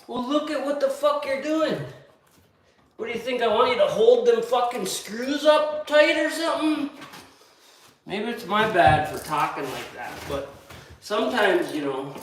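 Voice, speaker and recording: A man's voice: high voice, moderate pace, a bit bright. A man working as a building contractor, grumbling and swearing to himself and his viewers as he works. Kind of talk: casual work vlog, talking while working. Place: windowless building under construction, indoors. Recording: echoey room, distant mic, faint noise.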